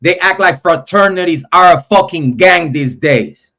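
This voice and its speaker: A man's voice: sits high, moderate pace, sharp tone. A young man hosting a true crime live stream, ranting in a heated, profane, repetitive way. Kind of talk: angry live-stream rant.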